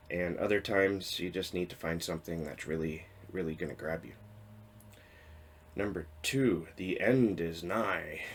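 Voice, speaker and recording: A man's voice: low-pitched, slightly rough. A man in his thirties chatting casually to camera about his reading habits, rambling and correcting himself with small chuckles. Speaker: book vlogger. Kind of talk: casual talking-head vlog.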